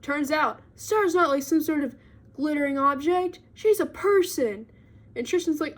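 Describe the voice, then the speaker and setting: Unhurried and casual, a young woman who vlogs about books rambles through a book recap for her viewers. She speaks in a slightly high voice, filling the talk with fillers and little giggly asides.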